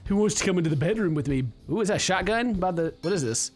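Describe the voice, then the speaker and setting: A man's voice: sits high, expressive, quick pace, soft background music. A man hosting a casual let's play, joking and exclaiming as he plays. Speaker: gaming channel host.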